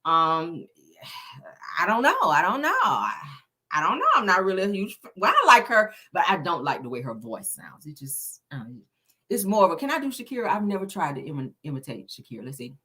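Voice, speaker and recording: Sassy chatty woman with lively swooping pitch. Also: fairly quick. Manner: sassy, chatty, calls viewers honey and baby. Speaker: celebrity gossip host. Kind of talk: casual gossip commentary.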